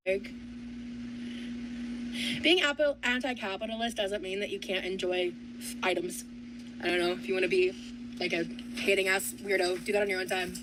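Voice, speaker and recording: A woman vlogger chatting casually to viewers while unboxing gifts, blunt and quick to swear. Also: mid-range voice, fairly even intonation, background noise.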